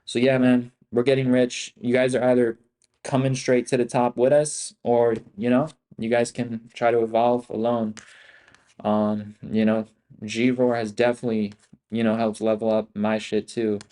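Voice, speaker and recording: A man's voice: medium pitch, level tone, normal speed, dark tone. A man hosting a livestream as an options trader, talking in a hyped, profane, slangy way and repeating himself a lot. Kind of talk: casual livestream talk.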